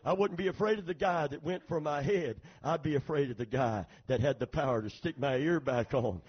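A man's voice: high-pitched, animated, brisk, few pauses, slightly rough, highs cut off. A man preaching a sermon, retelling scripture in his own words and calling on the congregation for amens. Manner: calls for amens, retells scripture with acted quotes.

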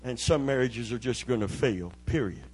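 A man's voice: mid-range voice, expressive, moderate pace, darkish tone, slightly rough. A man preaching a church sermon, building to fervent cries of hallelujah. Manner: preaching with rising fervor, calling out hallelujahs. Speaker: pastor.

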